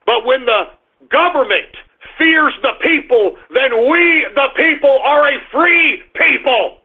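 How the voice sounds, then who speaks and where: Older male talk radio host, high-pitched, fiery and repetitive, with tinny phone-quality sound. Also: animated, slow. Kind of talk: political talk radio monologue.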